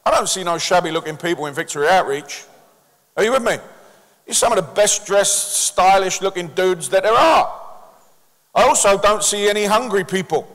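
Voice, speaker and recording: A man's voice: high-pitched, normal speed. A man with a Cockney accent preaching a sermon as senior pastor, calling out questions and drawing answers from his congregation. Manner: lively preaching with call-and-response to the congregation. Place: church hall with a congregation. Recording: echoey church hall.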